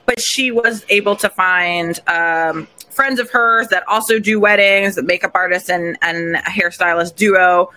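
A woman guest in a casual interview, telling her story in an animated, expressive way. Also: mid-range voice, unhurried, hardly any pauses. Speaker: podcast guest, recent bride.

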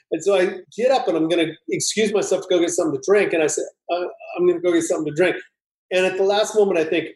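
Animated man telling a story, roomy sound. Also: high voice, fast talker. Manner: animated, acts out voices in anecdotes. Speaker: screenwriter guest. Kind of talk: casual storytelling. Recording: roomy echo.

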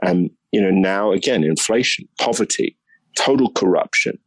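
Deep-voiced and expressive, a British man speaks at normal speed as a guest commentator in a chatty political discussion. He thinks aloud and pushes opinionated points with emphasis. The recording has no echo but sounds rough.

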